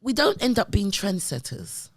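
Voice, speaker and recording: A middle-aged woman, a guest, telling stories in an emphatic, animated way and often checking in with her listener. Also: mid-range voice, normal speed, husky, dry recording, clean studio sound. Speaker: guest, community development worker. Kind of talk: conversational storytelling.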